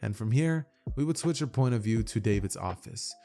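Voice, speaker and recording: A man's voice: on the low side, expressive, moderate pace, creaky, mellow, soft background music. A man telling an imagined fan story in a loose, run-on way, often restarting his phrases. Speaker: narrator. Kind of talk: casual fan-fiction storytelling.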